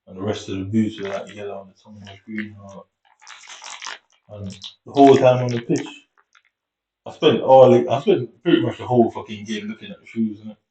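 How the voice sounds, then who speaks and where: His voice sits on the low side with a dark tone, and a bit of hiss or hum underlies it. The speaker is a young Jamaican vlogger with a Jamaican accent, loosely and unhurriedly telling a long, slang-filled, wandering story in an echoey room on a distant, dull mic.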